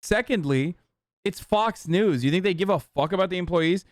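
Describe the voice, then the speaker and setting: A man's voice: sits high, normal speed, dry recording, clean studio sound. A man in his thirties streaming live, reacting with blunt, mocking, profane commentary.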